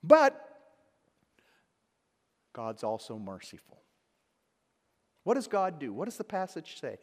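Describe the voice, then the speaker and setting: Dramatic preacher in a reverberant hall. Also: male voice, a little high, huge pitch swings, slow. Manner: dramatic, swings from loud to hushed. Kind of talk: sermon.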